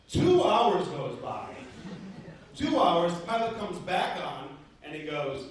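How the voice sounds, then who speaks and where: A man telling a profane, animated stand-up story on a comedy club stage. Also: high-pitched, unhurried, distant mic, background noise. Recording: echoey club room, audience laughter.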